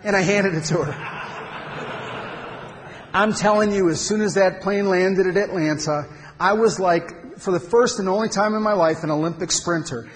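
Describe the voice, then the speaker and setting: A man giving an animated, emphatic storytelling talk to an audience at a men's conference in a large hall. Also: sits high, a little hiss or hum. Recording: long hall reverb.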